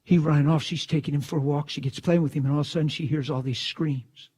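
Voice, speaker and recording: Husky, fervent male preacher. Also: fairly high pitch, steady tone, fast talker. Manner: swings from hushed storytelling to shouted bursts. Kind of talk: sermon storytelling.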